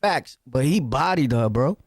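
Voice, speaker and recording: A man's voice: medium pitch, expressive, normal speed, dry recording, studio quality. A man with a Brooklyn accent giving a profane, boastful reaction rant full of street slang, laughing often. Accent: Brooklyn New York. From Brooklyn, New York. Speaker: reaction commentator. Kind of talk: loud casual reaction rant.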